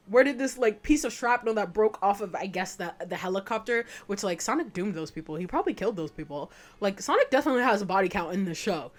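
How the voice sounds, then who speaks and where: A young woman giving a casual retrospective commentary, animated and emphatic, swearing freely as she talks. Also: mid-range voice, fast talker, few pauses. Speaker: video essayist.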